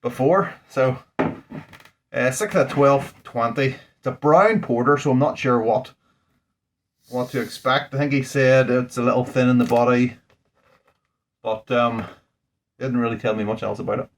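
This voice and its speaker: A man's voice: mid-range voice, fairly even intonation, measured pace, pauses often. A man, a home brewer, talking casually through a beer tasting in a rambling, thinking-aloud way, indoors at home. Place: indoors at home under a ring light.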